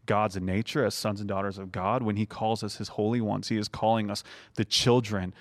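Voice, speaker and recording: A man's voice: fairly low pitch, little pitch movement, a little fast. A young man in a casual faith conversation, talking earnestly and building to emphatic passages.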